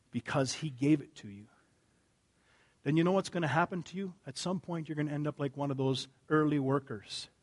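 A male pastor giving an earnest, conversational sermon, dropping his voice low for emphasis. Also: darkish tone.

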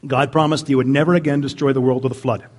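A man preaching a sermon as pastor, animated, swinging from near-yelling down to quiet asides. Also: medium pitch, quick pace. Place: church sanctuary.

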